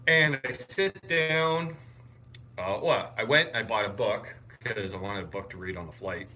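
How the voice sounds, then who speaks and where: Young man, bright tone, wired and tired, scattered live-stream chat, phone mic in a hotel room. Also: on the low side, a little slow. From Canada. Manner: scattered, chatty, greets viewers and reads the chat aloud.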